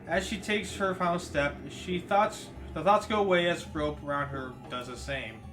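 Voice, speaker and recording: A man's voice: a little high, moderate pace, poor audio. A man narrating a fan audio drama in a plain storytelling way, with small reading slips. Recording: music bed under voice. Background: music.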